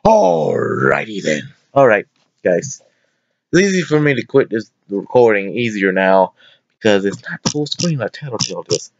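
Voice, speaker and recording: A man giving casual let's-play commentary on a horror game, excitable and prone to yelping and shouting at the screen. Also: fairly low pitch, a little slow, lo-fi sound. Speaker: gameplay commentator.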